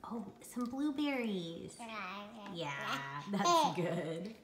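A woman's voice: medium pitch, very animated, drawn-out words, reverberant, very noisy. A mother in her home kitchen filming her toddler, talking to him in a playful, coaxing sing-song. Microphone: handheld camera taping.

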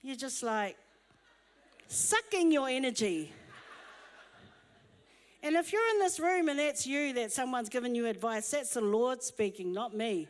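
Female pastor, high-pitched, humorous conversational sermon, long church reverb. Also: animated, a little slow, pauses often. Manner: humorous, chatty storytelling. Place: church auditorium.

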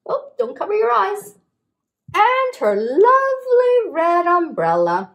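This woman's voice is extremely high, and she takes it slowly as she leads a children's storytime as librarian. Her animated, sing-song reading of a picture book and rhymes includes animal sounds and questions to the kids.

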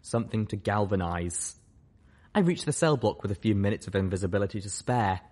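A man narrating a first-person story as an audiobook reader, steady and measured. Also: fairly low pitch. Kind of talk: audiobook narration of fan fiction.

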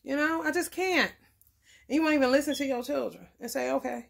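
Woman tarot reader, gravelly, higher voice, blunt and profane, faint background noise. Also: very animated, fast. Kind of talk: casual tarot reading.

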